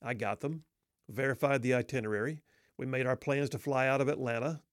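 A man's voice: medium pitch, steady tone, fairly quick, no echo, studio quality. A middle-aged man telling a humorous personal story in a wry, self-deprecating, folksy way.

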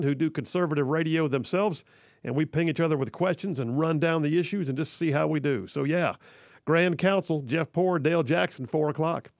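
A man's voice: fairly high pitch, creaky, no echo. A man hosting conservative talk radio from a studio, upbeat and jokey, rambling with fillers. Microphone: studio mic.

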